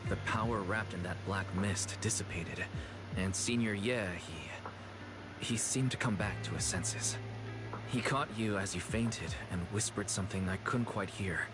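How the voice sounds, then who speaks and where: An actor playing a calm, caring young companion who explains things patiently. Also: male voice, on the low side, unhurried, close to an everyday voice, poor audio. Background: game music.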